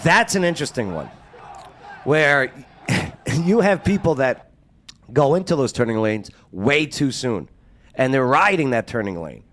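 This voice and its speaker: A man's voice: mid-range voice, a little slow. A man hosting a casual talk show, joking and plugging the show. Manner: animated, joking, plugs the show. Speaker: show host.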